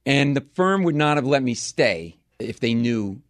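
A man from Rhode Island, a comedian telling stories as a guest in an interview, lively and slipping into voices for the people he quotes. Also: mid-range voice, unhurried, dry recording, studio quality. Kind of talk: storytelling interview chat.

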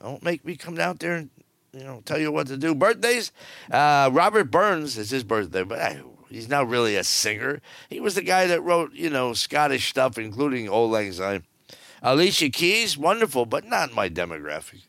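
A man's voice: medium pitch, sing-song, normal speed, creaky, a bit bright, no echo, clean studio sound. An older man hosting a cruise news show, giving blunt, rambling and jokey commentary full of fillers.

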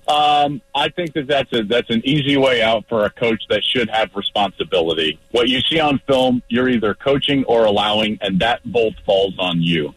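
A man's voice: medium pitch, very animated, moderate pace, few pauses, fairly bright tone, slightly rough, no echo, low-quality recording. A man calling in to a sports radio show from his car as a football analyst guest, talking in an emphatic, blunt, fired-up way.

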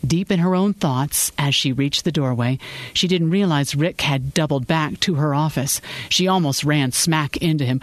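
An audiobook narrator reading a story in a measured storytelling way, close to the mic. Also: mid-range voice, no echo. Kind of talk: scripted narration.

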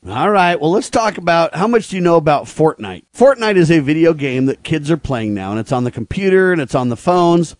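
A man hosts a talk radio show with a fairly high voice that sits close and dry on the studio mic. He delivers his commentary emphatically and a little preachily, speeding up in quick bursts. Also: dry recording.

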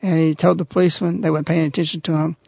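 A man hosting a radio talk show, earnestly retelling a story in a halting, conversational way. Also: fairly high pitch, little pitch movement, creaky, husky, dry recording. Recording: dull, lo-fi radio recording.

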